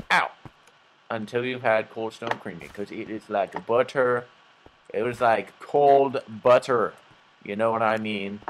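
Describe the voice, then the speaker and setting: A man's voice: lowish voice, unhurried, slight background noise. A young man giving goofy, rambling let's play commentary and laughing at himself. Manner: rambling, goofy, self-mocking, lots of laughs. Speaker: gaming channel host.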